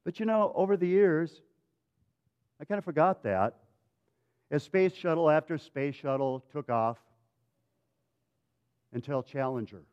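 A male pastor with a high voice preaches a dramatic sermon, rising loud and then dropping to a hush. The recording sounds a little dull. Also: expressive, a little slow, long pauses, smooth. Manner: dramatic, swinging from loud to hushed.

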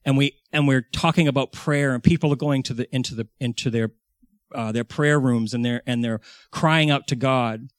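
A man's voice: medium pitch, moderate pace, no room sound, studio quality. A man in his forties preaching earnestly, recounting a vision and his prayers, often restarting and repeating words. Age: 40s. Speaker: pastor.

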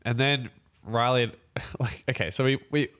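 A man's voice: medium pitch, smooth. A young man, telling a story in a casual podcast chat and acting out other people's voices as he goes. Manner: animated storytelling, quick laughs, acts out voices.

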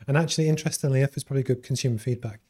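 A man with a Liverpool accent hosting an interview, chatting in a relaxed, prompting way. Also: mid-range voice, slightly rough. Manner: rapid, conversational, prompting. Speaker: interview host. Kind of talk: casual interview chat.

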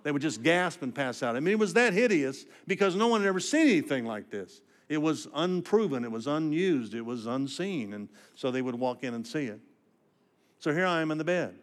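An older male preacher delivers a personal sermon with a slightly high voice. He tells his story with raw feeling, dropping to a hush for heavy moments and rising emphatically for his points. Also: lively intonation, a little fast. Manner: emotional storytelling, dramatic swings from hushed to emphatic.

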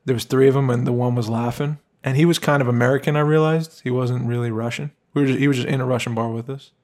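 A young man co-hosts a relaxed podcast chat. He tells his story with energy and laughs a lot. His voice sits at an everyday middle pitch. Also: fast. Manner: animated storyteller, laughs often. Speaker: podcast co-host. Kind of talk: casual chat.

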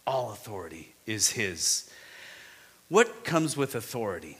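Bright-voiced man preaching with emphasis. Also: fairly low pitch, a little slow, husky, long reverb tail. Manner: animated, emphatic preaching with sudden rises and drops. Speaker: pastor. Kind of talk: sermon.

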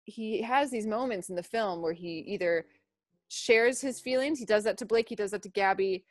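A woman's voice: mid-range voice, moderate pace, dry recording. A young woman guest on a podcast, talking reflectively and openly about her feelings in casual chat. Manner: reflective, open, speaks candidly about feelings.

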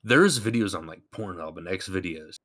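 A man co-hosting a casual podcast, playful and quick with interjections. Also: sits low, expressive, a bit bright. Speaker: podcast co-host.

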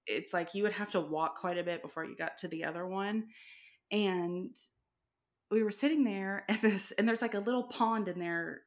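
A woman in easy, casual podcast chat, spinning a story with lots of energy. She acts out what people said and laughs her way through it, at an ordinary middle pitch. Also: moderate pace. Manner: animated storytelling, acts out quoted dialogue, laughs often. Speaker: podcast co-host.

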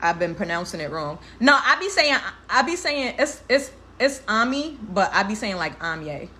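A woman's voice: medium pitch, very animated, normal speed, bright, forceful tone, slight background noise. A young woman in her twenties hosting a livestream, talking candidly and emotionally, laughing often and swearing freely in heavy slang. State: tearful. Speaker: livestream host. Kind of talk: casual livestream talk.

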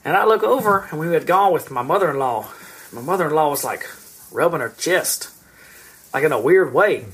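A podcast co-host in his thirties spins long, rambling stories in casual chat, swearing freely as he goes. His voice is a little high and slightly rough, fairly bright in tone, with lively intonation at a normal speed.

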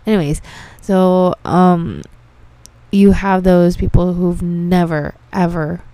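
Rambling young woman with gravelly voice. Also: lowish voice, fairly even intonation, takes it slowly, mellow, no room sound. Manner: rambling, swears freely, says "like" constantly. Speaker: podcast host. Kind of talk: casual podcast monologue.

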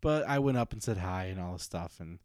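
A man's voice: low-pitched, expressive, brisk, darkish tone, dry recording. Rambling young man on a dry mic. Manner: rambling storyteller, heavy on "like", acts out quotes. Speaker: podcast co-host. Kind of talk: casual chat.

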